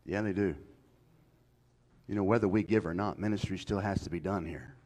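Folksy preacher man, low voice. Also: normal speed. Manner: folksy, swings from shouted to whispered. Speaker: pastor. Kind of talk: sermon.

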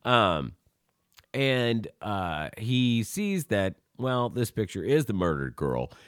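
A man's voice: fairly low pitch, takes it slowly, dry recording, clean studio sound. A man co-hosting a podcast, animatedly retelling a movie plot with plenty of swearing. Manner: animated, profane retelling with acted-out quotes. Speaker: podcast co-host recapping a movie. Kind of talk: casual chat.

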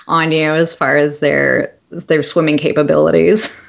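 A woman with a low voice talks casually as a podcast co-host, filling her sentences with ums and small laughs. The recording sounds somewhat dull and lo-fi. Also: little pitch movement, unhurried, creaky. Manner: chatty, laughs often, many ums. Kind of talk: casual chat.

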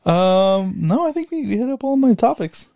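A man's voice: sits high, sing-song, normal speed, warm tone, dry recording. A man co-hosting a casual movie podcast, rambling through his thoughts with many fillers and restarts. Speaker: podcast co-host.

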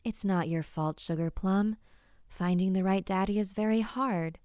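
A woman voicing a cheerful, calmly sinister mother who speaks in a soothing, matter-of-fact way. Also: mid-range voice, moderate pace, smooth, no echo, studio quality, lightly acted.

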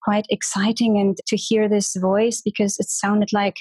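A woman's voice: mid-range voice, a little slow, dry recording. Woman speaking English, dry recording. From Germany. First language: German. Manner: lively, playful imitations of voices. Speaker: guest, conversation designer. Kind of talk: podcast interview.

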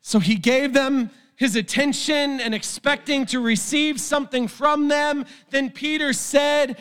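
Impassioned high-voiced male preacher. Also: measured pace, hardly any pauses. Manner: impassioned, often shouting. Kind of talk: sermon.

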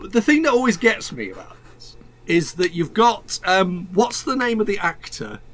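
A man's voice: high-pitched, big pitch swings, normal speed, a bit bright. A man enthusing about a film in casual conversation, rambling with restarts and laughs.

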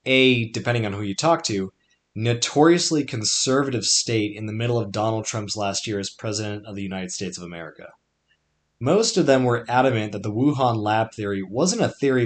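A young man narrating his own podcast memoir in a wry, conversational way, with dry asides. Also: lowish voice. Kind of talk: scripted personal narration.

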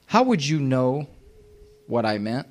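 A man's voice: medium pitch, big pitch swings, unhurried, darkish tone. A man giving a live talk to an audience, emphatic and sarcastic, firing off rhetorical questions.

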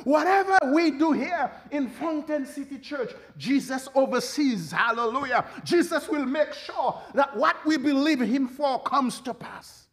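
A man's voice: very high voice, measured pace, few pauses, a bit bright. A man preaching a sermon as pastor, fervent, with frequent hallelujahs and bursts of laughter.

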